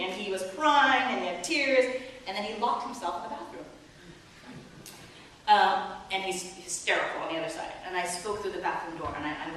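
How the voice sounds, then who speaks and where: A woman preaching in a church, telling a story with lively, self-mocking humor. Her voice sits in a middle range. It bounces around a big echoey hall and is picked up from some distance, with a faint murmur behind it. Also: medium pitch, a little hiss or hum. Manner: animated, self-mocking storyteller who laughs and acts out quotes. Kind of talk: sermon storytelling.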